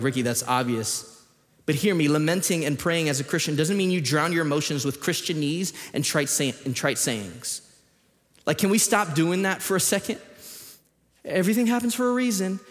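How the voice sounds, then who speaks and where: A man, his fairly high voice ringing out with a long hall reverb. He tells stories with lively energy, then drops to a hush before building back to loud emphasis. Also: moderate pace. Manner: animated storytelling, jumps between hushed reading and loud emphasis. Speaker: pastor. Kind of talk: sermon. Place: church auditorium.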